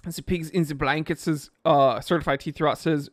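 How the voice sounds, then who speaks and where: Male live-stream host, higher voice, rambling casual chat, dry close sound. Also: brisk, hardly any pauses, no echo. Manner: rambling, offhand, reads comments aloud. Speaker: watch channel host reading live chat.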